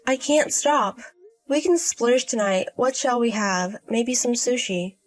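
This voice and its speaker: A woman doing a deadpan, carefree young gambler. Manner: deadpan, low-key, unhurried.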